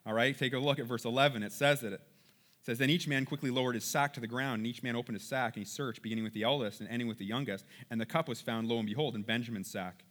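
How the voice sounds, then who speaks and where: A man preaching a sermon in a conversational, animated way, reading scripture and acting out the people in it. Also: mid-range voice, quick pace. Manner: conversational, animated, acts out quoted lines. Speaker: pastor.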